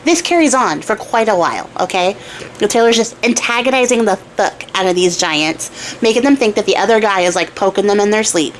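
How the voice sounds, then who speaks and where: A woman's voice: mid-range voice, lively intonation, brisk, a little hiss or hum. A young woman retelling a fairy tale in a chatty, irreverent way with casual swearing. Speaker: storyteller and crafter. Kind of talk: casual storytelling.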